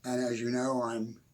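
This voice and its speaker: A man's voice: mid-range voice, darkish tone. An older man giving a casual motivational talk from a small, hot room at home, rambling with chuckles and self-deprecating asides. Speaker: motivational speaker.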